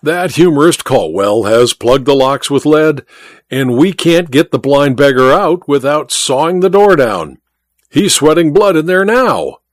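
A man's voice: a little high, animated, a little slow, no echo, studio quality. A man voicing a bluff, hearty, wealthy male mining magnate in a story reading. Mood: jovial. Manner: boisterous, jovial, teasing.

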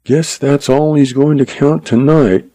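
A man's voice: medium pitch, steady tone, measured pace, dark tone, no echo, voice pushed up, natural voice. A man voicing a shrewd young cowboy who talks in a wry, easygoing way.

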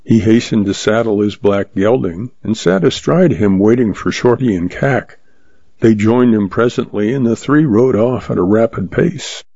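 A man narrating a western novel as an audiobook, in a steady, unhurried reading. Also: on the low side, creaky, no echo, muffled recording.

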